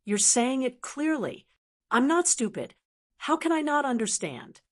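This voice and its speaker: A woman's voice: sits high, big pitch swings, a little slow, voice pushed up. A woman doing a cheeky, self-assured young woman. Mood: breezy.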